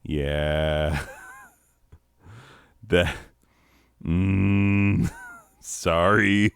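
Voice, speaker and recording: A man with a low, unhurried voice rambles through crude jokes and chuckles at himself as he goes. His voice is smooth and close, with a dry sound and no room around it. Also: no room sound. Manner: crude, rambling, laughs at own jokes, slips into silly voices. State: recovering from nausea. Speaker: comedy podcaster. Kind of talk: casual rambling comedic monologue.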